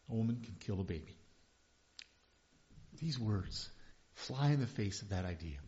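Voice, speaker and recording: A male pastor preaching a sermon, impassioned, swinging from hushed confession to loud emphasis. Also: mid-range voice. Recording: dull lo-fi recording.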